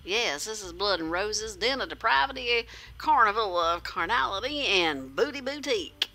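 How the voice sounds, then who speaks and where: A woman's voice: mid-range voice, expressive, normal speed, bright, forceful tone, pitched above the performer's own voice. A woman voicing a flirtatious male shopkeeper with a put-on Southern accent, reading game dialogue aloud in a playful, sultry way. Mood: showy.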